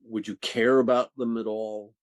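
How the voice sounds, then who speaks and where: An older man, an actor, telling stories from his career in an interview, animated and laughing often. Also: medium pitch, moderate pace, no echo. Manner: animated, laughing, restarts sentences. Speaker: actor guest. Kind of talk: interview storytelling.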